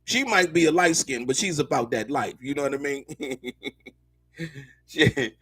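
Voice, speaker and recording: A man's voice: mid-range voice, animated, normal speed, fairly bright tone, slightly rough, no room sound. A man hosting a live show, commenting on court news in a loose, slangy way, repeating himself and talking straight to his viewers.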